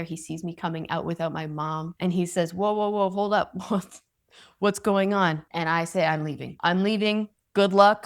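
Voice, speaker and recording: Podcast host, woman in her thirties, candid personal storytelling, gravelly edge to the voice. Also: fairly low pitch. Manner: candid, emotional, conversational.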